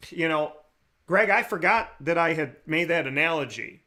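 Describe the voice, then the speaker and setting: This American radio host's voice is a little high and animated, with a sharp tone and a normal speaking speed. Giving a heartfelt talk show monologue, he speaks with earnest passion and repeats important phrases to stress them.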